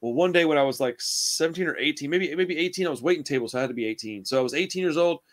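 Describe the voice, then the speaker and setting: A man's voice: on the high side, very fast. A young man telling rambling stories in casual chat, swearing a lot and calling people dude and bro.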